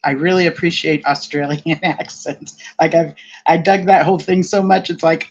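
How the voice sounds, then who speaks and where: A woman's voice: low voice, fairly quick, hardly any pauses, dull audio. A woman hosting a casual group chat, enthusiastic and affirming. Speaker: host.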